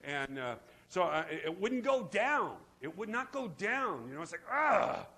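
A man preaching a sermon in a church, swinging between loud, fervent preaching and hushed asides. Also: high voice, sing-song, measured pace. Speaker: pastor. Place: church sanctuary.

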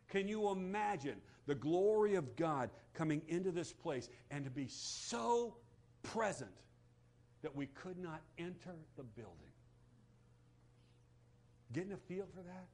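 Pastor guy preaching, high voice that jumps all over, goes quiet then yells, asks for amens. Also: very animated, a little slow. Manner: dramatic preaching, swings from hushed to shouting; calls for amen from congregation. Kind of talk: sermon. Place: church sanctuary.

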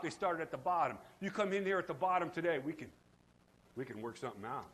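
A man preaching a sermon in a church, swinging between loud, fervent preaching and hushed asides. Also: high voice, animated, fairly quick. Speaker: pastor. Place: church sanctuary.

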